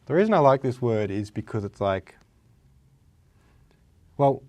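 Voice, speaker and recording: A young Australian man hosting a vocabulary vlog, his voice hoarse and raspy from days of talking, chatting playfully with lots of fillers. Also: mid-range voice, sing-song, unhurried, a little mellow, dry recording. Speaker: vlog host. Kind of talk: casual chat about words.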